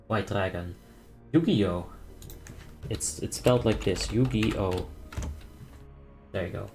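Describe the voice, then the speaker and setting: A man's voice: deep voice, measured pace, creaky, a little mellow, soft background music. A young man from the Netherlands chatting casually on a game stream, joking, reading chat aloud and calling raid tactics. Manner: laid-back, joking, reads chat aloud and laughs often.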